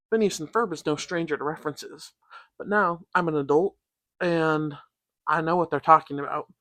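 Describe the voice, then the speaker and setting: A man's voice: on the high side, fairly bright tone, no echo. A man chatting casually and upbeat as he reviews a show, often saying "like".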